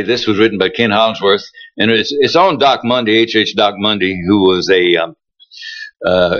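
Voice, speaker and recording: A man's voice: on the low side, a bit bright, dull audio. An older man hosting a radio show, who rambles and hesitates in a folksy way before reading an article aloud. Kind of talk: casual reading aloud on air.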